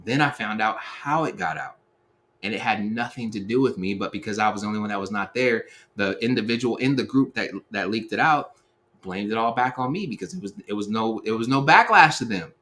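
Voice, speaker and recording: A man in his thirties telling a personal story in a relaxed, slangy way, acting out the quotes as he goes. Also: fairly low pitch, a little fast. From Seattle area, USA. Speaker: speaker sharing life advice. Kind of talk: storytelling talk.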